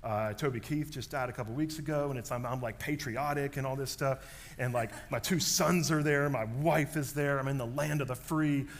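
A man, preaching a sermon and telling a story in an animated way, dropping to a hush and then rising loud. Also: mid-range voice, moderate pace. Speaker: pastor.

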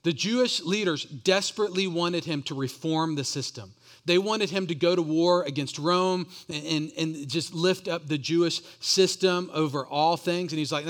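A pastor preaches in a voice pitched a little high for a man. He speaks earnestly, often repeating words as he builds each point. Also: moderate pace. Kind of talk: sermon.

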